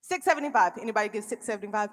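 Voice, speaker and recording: A woman auctioneer calling bids at a charity auction in quick, repetitive, playful rounds. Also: medium pitch, a bit bright. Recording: reverberant event hall.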